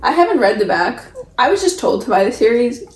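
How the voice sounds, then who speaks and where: A young woman with a fairly high, sing-song voice chats briskly and casually while showing off the books on her shelf, rambling and asking herself questions like a book vlogger. The room is echoey, with soft music playing in the background.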